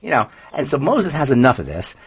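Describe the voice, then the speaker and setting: A man co-hosting a health podcast who explains nutrition in an emphatic, animated way, often repeating himself for emphasis. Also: mid-range voice, brisk, husky, no echo, highs cut off. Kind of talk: casual explanatory podcast talk.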